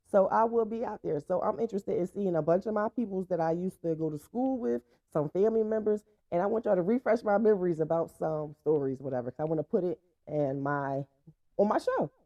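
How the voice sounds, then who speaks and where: Young female host, casual storytime, brash and cussing; warm low-bright voice, dry, slightly muffled recording. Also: no echo. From Franklin, Virginia, USA. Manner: blunt, profane, laughing often. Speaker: podcast host. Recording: dull, dry lo-fi sound.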